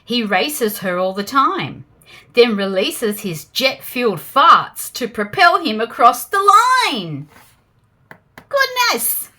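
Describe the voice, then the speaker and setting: A woman's voice: a little high, slow. A woman with an Australian accent reading children's picture books aloud, gasping and making playful sound effects. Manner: animated, gasps and sound effects for kids. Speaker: children's storyteller.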